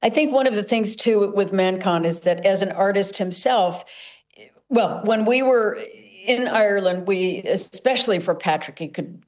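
A woman's voice: on the low side, a little mellow. A woman from the United States, a guest telling a personal story in a conversational interview, earnest and reflective. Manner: earnest, reflective, emotional at times.

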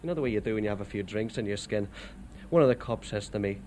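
A man with an Irish accent, telling of his rough times in plain, wry storytelling with local turns of phrase. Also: on the low side, quick pace, mellow, a little hiss or hum. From Ireland. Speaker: immigrant worker. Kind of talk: storytelling testimony.

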